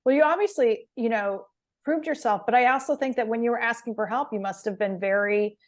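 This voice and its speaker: A woman hosting an interview podcast, affirming her guest and asking quick follow-up questions. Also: on the high side. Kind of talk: conversational interview.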